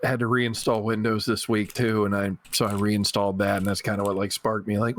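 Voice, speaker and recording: Man, podcast co-host, eager rambling chat, lowish voice, dry sound. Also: lively intonation, a little fast, few pauses, dry recording. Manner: enthusiastic, rambling with fillers. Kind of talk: casual chat.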